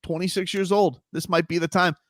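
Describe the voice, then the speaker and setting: A man hosting sports talk radio, talking in an animated, rambling, emphatic way on a studio mic. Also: sits high, a little fast, no echo.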